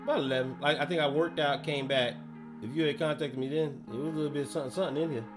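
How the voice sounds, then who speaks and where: A man's voice: on the high side, fairly even intonation, quick pace. A young man chatting casually on his gaming live stream, loose and slangy, rambling between topics. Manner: loose, slangy, rambling, lots of self-talk. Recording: faint music behind.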